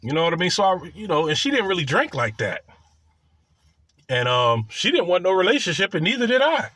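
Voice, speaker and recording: A man's voice: sits high, fairly quick, no echo. A man casually telling a crude, boastful personal story, swearing freely as he goes. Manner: profane, boastful and animated.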